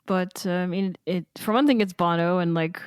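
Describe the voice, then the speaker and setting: Chatty woman co-hosting, lowish voice. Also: moderate pace, smooth, no echo, studio quality. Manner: chatty, hesitant, laughs often. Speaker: podcast co-host. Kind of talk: casual panel discussion.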